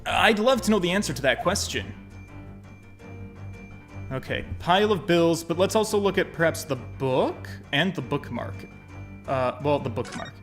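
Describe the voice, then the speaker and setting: A male streamer gives animated, joking let's-play commentary and swears freely. His voice sits high and swoops all over. Faint music plays under the talk. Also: normal speed, long pauses.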